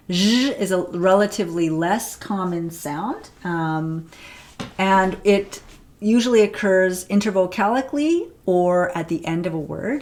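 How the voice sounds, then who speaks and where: A woman's voice: lowish voice, animated, a little slow, darkish tone. A woman teaching pronunciation on camera, explaining sounds and demonstrating them, often checking with "right?".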